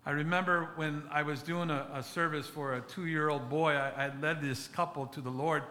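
A man preaching a sermon as a pastor, speaking earnestly and haltingly, often restarting and repeating words. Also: on the high side, fairly even intonation, pushed and bright, slight background noise.

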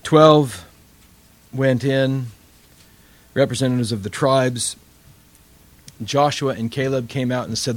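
Man, preacher, sermon, animated storytelling, acts out characters, medium pitch, dry close sound. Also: measured pace, dry recording. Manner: animated storytelling, acting out biblical characters with laughs.

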